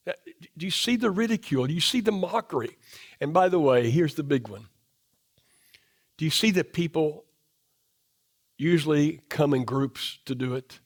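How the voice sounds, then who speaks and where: A middle-aged man preaching a sermon in a church, asking the congregation question after question, his voice dropping low and soft to drive points home. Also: expressive, moderate pace, pauses often. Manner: emphatic, asks the congregation rhetorical questions. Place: church sanctuary.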